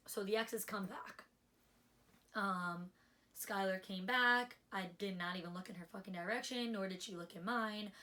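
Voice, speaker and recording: A young woman speaks straight to her viewers in a casual vlog, telling a long story in her own loose way. She peppers her talk with fillers and swear words and slips into the voices of the people she quotes. Her voice sits at an ordinary middle pitch. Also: a bit bright. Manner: candid, swears freely, frequent fillers like "um" and "like"; acts out quoted dialogue while retelling. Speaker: vlogger.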